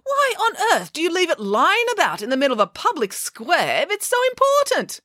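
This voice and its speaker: High squeaky voice, blunt cake-mad pig squire, indignant, storybook pig as a woman puts her on, dry close sound. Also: huge pitch swings, fairly quick, pushed and bright, dry recording, heavily acted. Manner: high, exclaiming, matter-of-fact.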